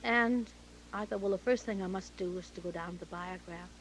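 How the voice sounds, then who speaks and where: A woman's voice: on the low side, fairly quick, slight background noise, poor audio. A woman from Canada, interviewed about her career, who tells anecdotes vividly and acts out the dialogue of the people in them. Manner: lively storyteller acting out quoted dialogue. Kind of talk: anecdotal storytelling.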